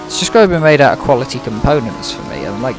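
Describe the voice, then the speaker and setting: A British man rambles casually into a close microphone while he streams a game. His delivery is dry and always sounds sarcastic, swearing comes easily, and his voice sits at an ordinary middle pitch. Music plays clearly behind him. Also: big pitch swings, quick pace. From Britain. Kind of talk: casual livestream chat. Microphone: microphone close in front of the mouth. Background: music playing.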